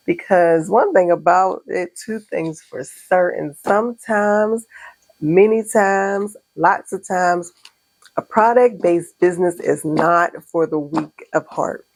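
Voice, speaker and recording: A woman's voice: medium pitch, slow, dry recording, poor audio. A middle-aged woman who owns a small business, chatting casually to camera in her studio and telling a story with lots of laughs and acted-out reactions. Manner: animated storytelling, laughs often, acts out her own reactions. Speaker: small business owner vlogging. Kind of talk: casual vlog chat. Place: home studio.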